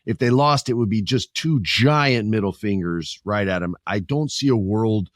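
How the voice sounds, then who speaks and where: A man hosting a casual wrestling podcast, joking and animated, sometimes mimicking people in his stories. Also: lowish voice, normal speed, dry recording, clean studio sound. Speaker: podcast host.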